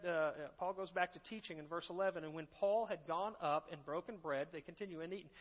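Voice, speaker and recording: A pastor preaching a sermon in a conversational way, with asides, restarts and humor. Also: male voice, fairly high pitch, fast, in a large hall, dull audio.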